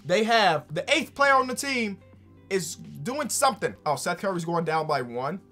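A man giving casual, excitable commentary over a basketball video game, swinging from hyped shouts to dry asides. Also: high voice, moderate pace, faint music behind. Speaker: basketball gaming YouTuber.

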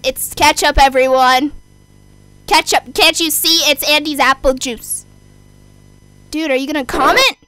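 A young woman commenting on a horror game, easily scared, swearing, shouting and joking at the screen. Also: high voice, measured pace, pauses often, a little hiss or hum. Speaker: gamer.

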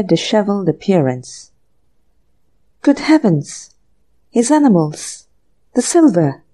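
A woman narrating a classic mystery audiobook in a measured storytelling manner. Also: medium pitch, warm tone. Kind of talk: scripted narration.

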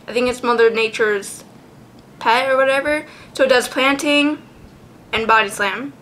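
High, bright-voiced giggly woman vlogger. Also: moderate pace, a little hiss or hum. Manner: giggly, excitable, swears freely. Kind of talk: casual chat.

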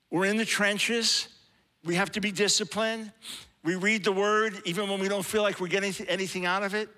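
A man's voice: high-pitched, bright, forceful tone. A man preaching a sermon, telling a story with animation and acting out the people he quotes. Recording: long hall reverb.

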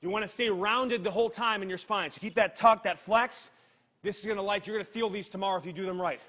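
Man, fitness trainer, high voice, energetic, joking, strained from exercising, counts reps. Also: fast talker. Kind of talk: live workout coaching.

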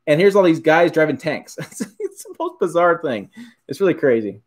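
A man's voice: on the high side, very animated, normal speed. Rambling male livestream host. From Michigan. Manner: rambling, self-correcting, chuckles often. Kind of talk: casual livestream chat answering viewers.

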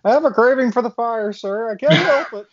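A man playing a high, eager young firebug. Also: a little fast. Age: young adult. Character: young male pyromaniac bar part-timer, eager. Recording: slightly muffled recording.

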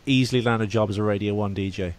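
A man's voice: fairly low pitch, steady tone, fast, no echo. A man co-hosting a comedy podcast, teasing and laughing a lot. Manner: laughing, teasing, easily amused. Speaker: podcast co-host. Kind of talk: casual chat.

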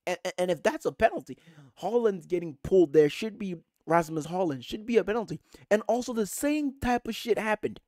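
A man's voice: sits high, brisk, no echo, studio quality. Furious swearing man ranting about football. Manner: furious, profane, animated ranting. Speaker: football fan channel host. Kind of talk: angry fan rant to camera.

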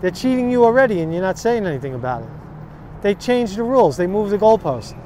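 A man's voice: sits high, big pitch swings, fast talker, a little mellow, slight background noise. A man ranting to camera outdoors on a city street, profane, sarcastic and combative. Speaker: vlogger. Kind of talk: angry political rant to camera.

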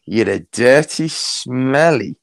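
A man on a live-stream panel, delivering slow, scornful insulting tirades with heavy swearing. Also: medium pitch, animated, vocal fry, a crowd in the background. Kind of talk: angry live-stream rant.

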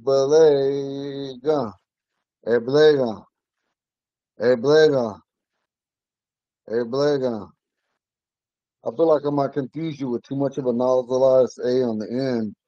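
A man's voice: mid-range voice, steady tone, no room sound, dull audio. Man teaching a language class from home. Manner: patient, repeats words slowly for learners.

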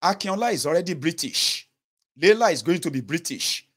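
Impassioned Nigerian man, higher voice. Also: lively intonation, brisk, a bit bright, slightly rough. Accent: Nigerian Yoruba. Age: 30s. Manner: earnest, pleading, code-switching into Pidgin and Yoruba. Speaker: political commentator. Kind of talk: impassioned direct-to-camera monologue.

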